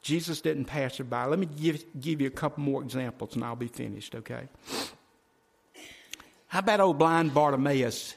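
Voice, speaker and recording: A male preacher giving a sermon in a folksy way, talking straight to the congregation and swinging from loud, driving phrases to hushed ones. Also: mid-range voice, normal speed, gravelly. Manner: folksy, addresses congregation directly.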